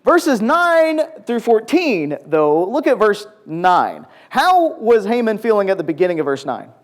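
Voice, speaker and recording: A man's voice: high-pitched, a little slow. A man teaching a conversational Bible lesson to a group in a large church room, asking the audience questions and acting out quotes. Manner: animated, asks the audience questions, acts out quotes.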